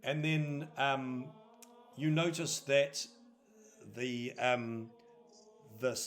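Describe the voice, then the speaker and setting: Slow-talking male game master. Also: mid-range voice, fairly even intonation, a bit bright. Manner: hesitant, full of ums and restarts. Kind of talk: narrating a tabletop game.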